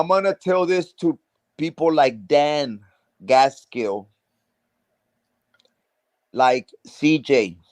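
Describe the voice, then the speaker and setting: This South Texas man's voice is a little high and a little mellow, captured in a dry recording. He rants heatedly and casually on a live stream, swearing heavily. Phrases get restarted as he drives every point home.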